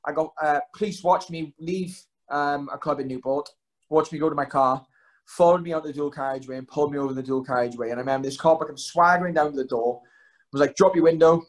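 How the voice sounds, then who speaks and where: A young man with a fairly high-pitched voice, recorded in poor audio, is a guest and pro fighter in a casual storytelling chat. He tells his stories in a loose, rapid, rambling way packed with "um" and "like."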